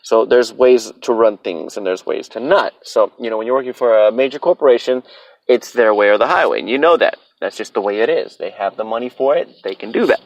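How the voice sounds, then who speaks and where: A man's voice: mid-range voice, brisk, dry recording, rough recording. Blunt, profane man in his thirties. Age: 30s. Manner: blunt, profane, opinionated ranting. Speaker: podcast host. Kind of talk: solo podcast rant.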